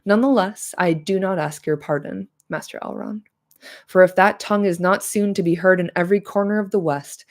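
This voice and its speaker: A woman's voice: on the low side, a little mellow, natural voice. Woman reading as a grave old wizard. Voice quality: nasal. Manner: slow, solemn, measured reading.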